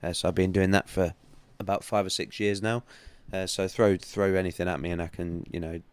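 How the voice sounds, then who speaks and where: A man's voice: deep voice, level tone, fairly quick, darkish tone, clean tone. A man hosting a casual livestream about trading, rambling and chatty with many restarts. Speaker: livestream host, trading analyst.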